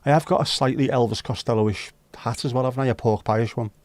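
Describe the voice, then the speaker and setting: A man's voice: mid-range voice, steady tone, quick pace, a little mellow, no room sound. A man hosting a casual livestream, chatting and joking with viewers as he reads their comments. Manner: chatty, joking, bantering with chat. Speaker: livestream host of a virtual pub.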